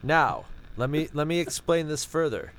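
A man's voice: on the high side, normal speed, low-quality recording. A man co-hosting a podcast, telling a sarcastic, profane story in casual, rambling chat. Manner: animated, rambling with restarts. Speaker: podcast co-host.

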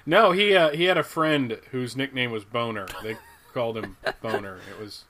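A man's voice: medium pitch, moderate pace, crowd noise. An American man in his forties, co-hosting a podcast, chatting loosely about comics with lots of restarts and chuckles. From United States. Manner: rambling, many restarts, chuckles at his own jokes. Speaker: podcast co-host. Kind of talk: casual chat about comics.

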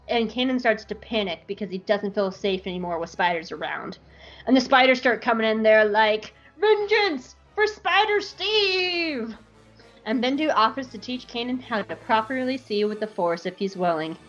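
A young woman hosting a podcast, recapping a TV episode in a casual, animated way full of likes. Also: medium pitch, lo-fi sound. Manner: animated, bubbly, lots of likes. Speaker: podcast host.

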